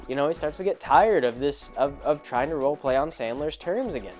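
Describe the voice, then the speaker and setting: A man's voice: medium pitch, expressive, brisk, a little mellow, soft background music. A man hosting a show, rambling through an anecdote about a tabletop game and repeating words as he goes. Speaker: host.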